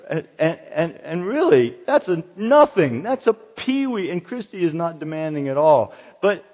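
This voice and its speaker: A middle-aged pastor delivers a sermon in an earnest, relaxed, conversational manner, returning again and again to his key phrases. His voice is pitched a bit higher than most men's, and he speaks at a measured pace with few pauses. The audio is slightly muffled, with the long reverb of a large hall.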